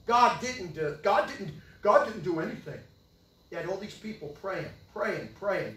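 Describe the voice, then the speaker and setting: An older man preaching a sermon with great passion, swinging from loud yelling to low mutters. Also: big pitch swings, moderate pace. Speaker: pastor. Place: church hall. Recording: echoey church hall, from far off.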